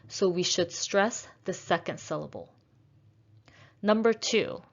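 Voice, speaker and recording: Woman, pronunciation teacher, very slow careful delivery, slightly dull audio. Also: on the low side. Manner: deliberate, repeats words with shifted stress.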